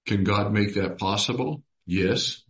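A man's voice: on the low side, fairly bright tone. A man leading a Bible study, reading verses aloud and putting questions to his group. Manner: unhurried, reads scripture aloud and asks the group questions.

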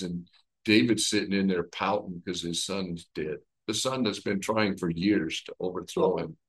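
A man leading a conversational Bible study, retelling the story with lively everyday comparisons. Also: on the low side, poor audio. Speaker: Bible teacher.

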